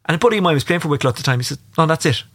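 An Irish man co-hosting a radio sports show, telling animated anecdotes with quoted dialogue. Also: on the high side, very fast. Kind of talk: casual radio chat, storytelling.

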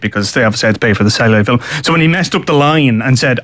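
A man's voice: medium pitch, very fast, few pauses, fairly bright tone. A man chatting on a radio show, rambling through film trivia with lots of filler words. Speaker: radio co-host discussing films. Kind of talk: casual radio chat.

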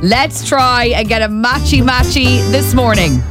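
A bubbly woman with a higher voice hosts a morning radio quiz. She draws words out slowly and cheers the players on. Soft music plays under her voice. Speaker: radio show host. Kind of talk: breakfast radio game segment.

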